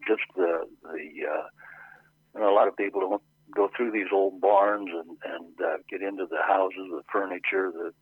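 Deep husky man on a phone line. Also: fairly even intonation, dry recording. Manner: halting, many repeated starts. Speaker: board member, guest. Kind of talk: casual radio interview by phone.

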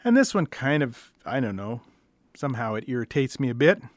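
A man's voice: medium pitch, big pitch swings, fairly quick, no echo. A middle-aged man, a veterinarian, telling dry, wry stories about the questions his callers ask. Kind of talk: storytelling monologue.

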